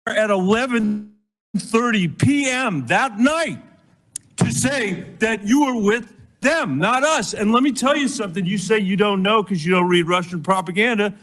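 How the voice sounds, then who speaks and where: High-voiced man pressing hard questions. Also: unhurried, a bit bright. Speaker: senator questioning a nominee. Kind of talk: pointed hearing questioning.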